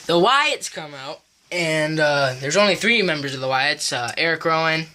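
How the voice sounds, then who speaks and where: Brief: woman, bright, sharp tone, excitable play-by-play recap, lots of fillers. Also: moderate pace, slight background noise. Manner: excitable play-by-play, jumps high and loud at big moments; many fillers and restarts. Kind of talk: excited recap of a wrestling event.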